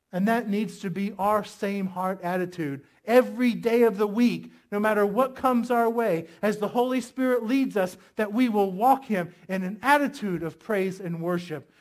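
A pastor preaching a sermon with emphatic delivery, asking the congregation rhetorical questions. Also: medium pitch.

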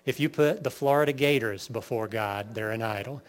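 A man preaching a sermon, firing off lists and rhetorical questions to his congregation. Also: mid-range voice. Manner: lively preaching, lists sins in rapid bursts, rhetorical questions. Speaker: pastor.

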